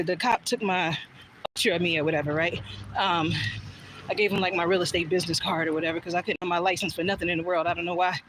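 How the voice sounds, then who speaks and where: A woman's voice: medium pitch, background noise. A woman chatting casually on a livestream while walking outdoors in the evening, frankly and with swearing, reading viewer comments aloud. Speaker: livestream vlogger.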